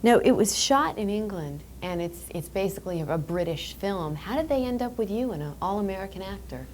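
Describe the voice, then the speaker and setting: A woman's voice: medium pitch, lively intonation, normal speed, a little mellow. A woman interviewing an actor, asking friendly questions and backing him up with short affirmations. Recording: archival interview tape with faint hiss.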